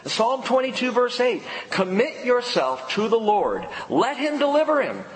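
A man preaching a sermon to a congregation, lively, stretching out key words for emphasis. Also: extremely high pitch, a little slow, slight background noise. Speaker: pastor. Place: church sanctuary. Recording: long hall reverb, faint ambience.

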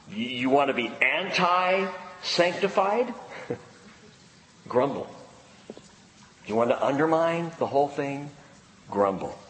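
A male pastor preaching a sermon in an emphatic style, fond of rhetorical questions. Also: mid-range voice. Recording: echoey hall, faint ambience.

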